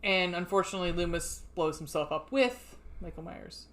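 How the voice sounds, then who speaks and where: A woman's voice: fairly low pitch, expressive, normal speed, a bit bright. A woman co-hosting a podcast, chatting casually and retelling a movie plot with lots of swearing and fillers. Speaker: podcast co-host. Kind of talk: casual chat.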